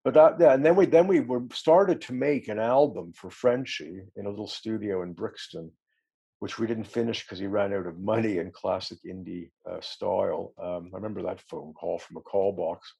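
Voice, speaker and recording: Gravelly low-voiced man telling band stories. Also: moderate pace, dark tone. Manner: rambling storyteller, self-deprecating, laughs often. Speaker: musician guest. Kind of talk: casual anecdotal interview.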